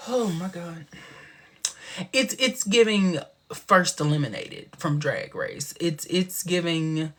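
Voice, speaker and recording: A sassy man chatting casually on a live stream, his voice swooping all over the place. He talks slowly and draws out his words, with a husky edge to the tone and a big booming laugh. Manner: sassy, chatty, drawn-out expressive delivery.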